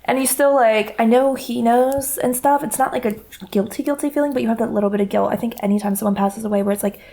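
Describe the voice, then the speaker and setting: Gravelly young woman co-host. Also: a little high, quick pace, mellow. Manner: laughs a lot, playful storytelling. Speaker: podcast co-host. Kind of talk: casual chat.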